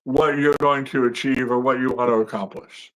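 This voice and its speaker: A man's voice: mid-range voice, steady tone, moderate pace, a bit bright, low-quality recording. A man co-hosting a political talk show, making his points emphatically and ending them with "right?". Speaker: podcast co-host.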